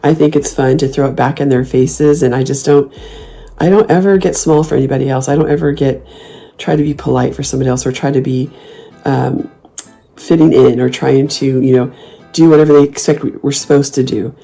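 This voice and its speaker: Speaking at an extremely low, steady pitch, this woman in her fifties hosts a casual talk to camera, fairly quick, creaky and dark, with faint music behind her. She's blunt, sassy and snarky, swears freely, and slips into playful mocking voices when quoting her comebacks.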